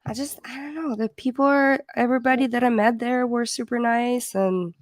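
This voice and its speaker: A woman's voice: on the high side, fairly even intonation, normal speed, dry recording, clean studio sound. Chatty woman livestream host. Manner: chatty, laughs easily, trips over words. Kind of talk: casual livestream chat, reading comments aloud.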